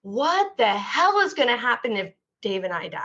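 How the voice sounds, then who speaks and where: In a candid interview, a woman guest who is a mental health therapist talks at length in a fairly high, sing-song voice that's pushed and bright, at a moderate pace. She's open and heartfelt but rambling, with many fillers and restarts, on a dull lo-fi recording.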